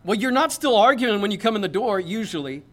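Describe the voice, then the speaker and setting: Pastor guy with a fairly high voice, chatty sermon, jokes then gets fired up. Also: lively intonation, brisk, fairly bright tone. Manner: conversational and joking, building to emphatic points.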